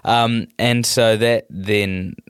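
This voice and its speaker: A middle-aged man with a New Zealand accent, a comedian chatting in an interview in a rambling, animated way with many restarts. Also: on the low side, drawn-out words, clean tone, dry recording, studio quality. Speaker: comedian, guest. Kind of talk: casual interview chat.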